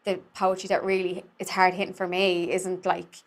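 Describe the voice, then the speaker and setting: A young Irish woman from Dublin, a theatre maker, chats casually in a fairly low, completely flat voice at a moderate pace. She rambles and fills her speech with lots of fillers.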